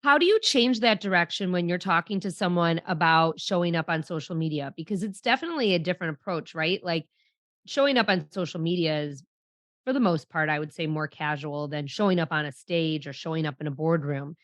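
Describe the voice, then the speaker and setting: Raspy deep-voiced woman host. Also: expressive, fairly quick, a bit bright, no echo. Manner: long, rambling questions. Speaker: podcast host. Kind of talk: interview questions.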